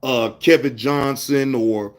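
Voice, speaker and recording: A man hosts a casual livestream in a medium-pitched, steady voice, taking his time as he speaks. Talking to his chat in loose slang, he scolds viewers and reminisces.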